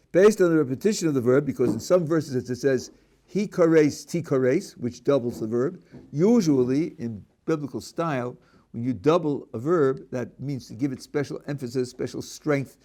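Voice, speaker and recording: A man's voice: medium pitch, warm tone. A middle-aged man, a rabbi, teaching a class: he reads a passage aloud and then explains it, with frequent restarts. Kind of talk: text-based lecture.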